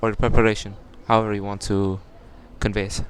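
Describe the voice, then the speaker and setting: A man's voice: lowish voice, level tone, quick pace, a little hiss or hum. A young man answering as a podcast guest in casual talk, explaining earnestly and building emphasis.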